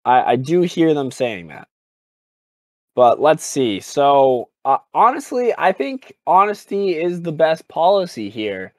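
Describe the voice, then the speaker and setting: A man's voice: on the high side, very animated, takes it slowly, no room sound. A man co-hosting a comedy podcast, talking in an exaggerated way and spinning absurd jokes. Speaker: podcast co-host. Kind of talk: goofy comedic podcast banter.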